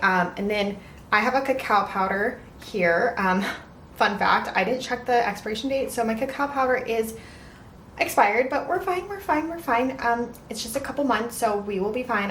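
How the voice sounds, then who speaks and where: A woman's voice: mid-range voice, distant mic, slight background noise. Young woman, chatty cooking vlogger, talks between bites, echoey room, voice a bit off-mic. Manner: chatty, talks while eating. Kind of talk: casual cooking vlog.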